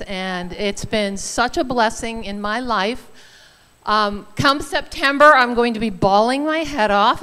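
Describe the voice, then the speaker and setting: A woman's voice: a little high, unhurried, bright, forceful tone, smooth, some chatter behind. A woman in her sixties, a retiring teacher, giving an earnest, emotional speech at a school ceremony, choked up at times. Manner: earnest, emotional, laughs between lines. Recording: long reverb in a large hall.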